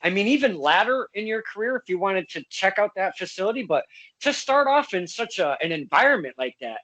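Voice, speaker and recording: A man's voice: sits high, sing-song, a little fast, a bit bright. A man hosting a casual wrestling podcast interview, chummy and laughing often, with many fillers. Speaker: podcast host.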